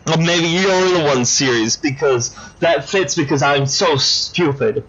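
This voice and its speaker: A petulant, childish villainess, as a man puts her on for a game, who squeals and sulks in a high, pinched voice. She pouts through every line. The recording is dull and lo-fi, with faint hiss. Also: a little slow, a bit bright. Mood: petulant whiny. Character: whiny childish female villain.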